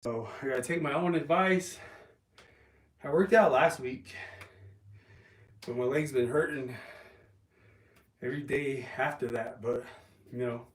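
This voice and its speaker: A man chatting casually on a livestream, rambling and halting with ums and restarts while resting an injured calf. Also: medium pitch. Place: home, lifting weights while streaming. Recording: roomy, from a distance.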